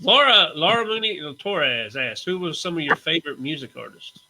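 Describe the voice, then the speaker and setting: A man's voice: fairly high pitch, very animated, normal speed, background noise. A man hosting a casual live-stream interview, chatty and a little flustered as he reads out viewer questions. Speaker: interview host.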